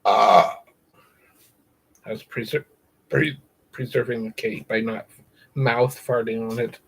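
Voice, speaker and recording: A husky, mid-range American voice with vocal fry and fairly even intonation takes things slowly on a low-quality recording. He's hosting a casual livestream, chatting with viewers and riffing on repeated words for crude, silly humor.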